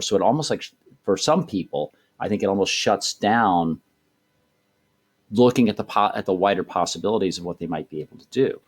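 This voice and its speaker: A man's voice: on the low side, expressive, moderate pace, husky. A middle-aged man, a voice director, talking in a casual interview, thoughtful and rambling with many restarts. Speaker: voice director guest.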